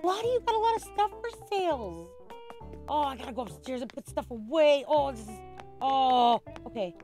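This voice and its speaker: Excitable high-voiced woman streamer. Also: normal speed, soft background music. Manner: chatty, excitable, rambling with restarts. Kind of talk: casual game livestream chat.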